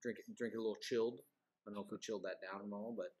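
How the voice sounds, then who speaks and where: Lowish voiced guy cohosting a wine podcast, rambly, jokey. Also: steady tone, rapid-fire, a little mellow. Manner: rambling, self-deprecating, joking. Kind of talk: casual chat.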